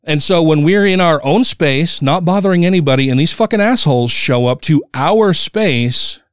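A man telling a story in casual chat, heated and profane, retelling an angry run-in with lively animation. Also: a little high, moderate pace, clear, resonant tone, dry recording.

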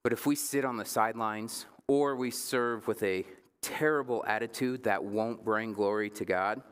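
A man in his thirties, a pastor giving a casual sermon, joking with the congregation and slowing down for emphasis. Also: fairly low pitch, steady tone, a bit bright, clear, resonant tone, big-room sound. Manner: conversational preaching with jokes and slow emphatic phrases. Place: church sanctuary.

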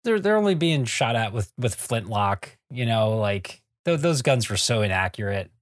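A man's voice: mid-range voice, sing-song, normal speed, dry recording, clean studio sound. A man co-hosting a podcast, chiming in with joking asides, laughter and casual swearing. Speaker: podcast co-host. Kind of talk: casual comic book discussion.

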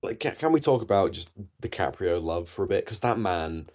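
A man's voice: low voice, lively intonation, a little fast, darkish tone. A man co-hosting a podcast, chatting eagerly about films, often repeating words and talking over others. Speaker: podcast co-host. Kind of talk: casual film chat.

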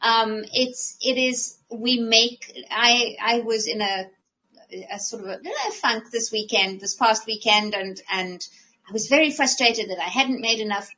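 Upbeat woman coach on a chat podcast, lively, restarts phrases, bright tone. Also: fairly high pitch, unhurried, rough recording. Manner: animated, restarts phrases often, acts out her own thoughts. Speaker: podcast co-host and life coach. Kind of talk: casual conversational podcast.

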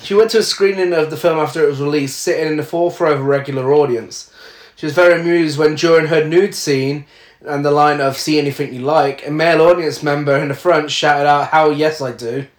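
A man with a fairly high voice co-hosts a casual chat, reading film trivia from notes. He pauses often on "uh" and laughs between facts. His voice rings in an echoey room. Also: fairly even intonation. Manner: reads facts aloud with frequent uhs and laughs.

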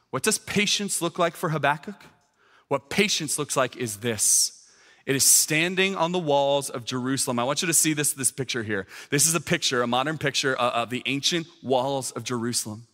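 A man's voice: a little high, sharp tone. A male pastor in his thirties preaching a sermon, moving from a family story to fervent, repeated calls to his church. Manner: storytelling, then rising to fervent exhortation. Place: church sanctuary. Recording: long hall reverb.

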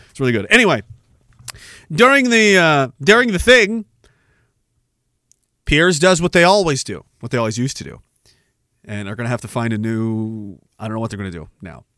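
A man's voice: medium pitch, sharp tone, no room sound, studio quality. A man hosting a podcast, ranting about the news in a sarcastic, profane, casual way. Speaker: podcast host. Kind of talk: casual political commentary.

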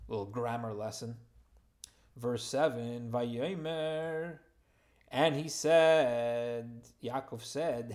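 A man teaching a Torah lesson at an ordinary middle pitch, working through the text verse by verse. He reads each Hebrew phrase, then translates it into plain English. He adds casual, lightly humorous asides along the way. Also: extremely slow. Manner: informal asides and gentle humor.

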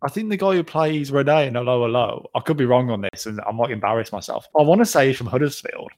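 A man co-hosting a casual podcast, with an ordinary mid-pitched voice. He explains things in an easygoing way and pauses on frequent ums as he talks. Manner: relaxed, explaining with many ums. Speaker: podcast co-host. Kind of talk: casual chat about a sitcom episode.

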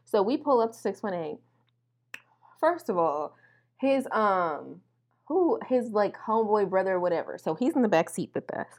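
A young adult woman from Milwaukee telling a profane, animated story straight to her listeners. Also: mid-range voice, moderate pace. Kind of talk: casual storytelling to camera.

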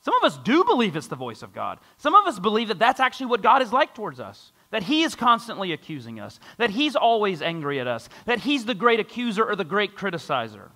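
Fast and with hardly any pauses, a pastor with a high voice preaches to his congregation. He energetically reads scripture and mimics a skeptic in a mocking voice.

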